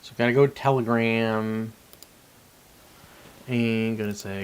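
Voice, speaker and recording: A man's voice: medium pitch, slow pace, long pauses, a little hiss or hum. A man hosting a casual solo livestream, rambling and talking to his chat viewers by name between sips of coffee. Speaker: livestream host.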